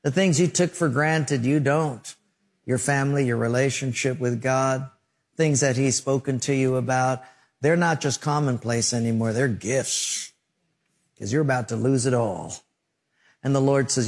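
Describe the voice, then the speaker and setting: A man's voice: mid-range voice, unhurried. A man preaching a sermon, telling stories and acting out short voices and sound effects. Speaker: pastor.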